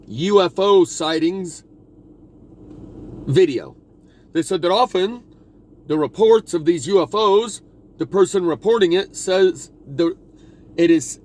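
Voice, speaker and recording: A man with a somewhat high voice holds forth in a meandering spiritual monologue. He trails off, restarts and leans hard on the words he wants to stress. Faint traffic noise hums in the background. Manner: meandering, restarts often, intense emphasis. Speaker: video blogger.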